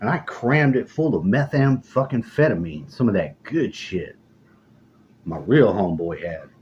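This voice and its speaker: A middle-aged man telling rambling stories in a casual, profane, deadpan way. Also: fairly low pitch, unhurried, lo-fi sound, a little hiss or hum. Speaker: storyteller. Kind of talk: casual storytelling monologue.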